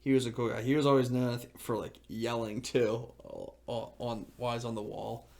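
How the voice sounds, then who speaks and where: Gravelly young man chatting excitedly. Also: mid-range voice, a little fast. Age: 20s. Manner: rambling, full of "like" fillers, excitable. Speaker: podcast co-host. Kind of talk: casual chat.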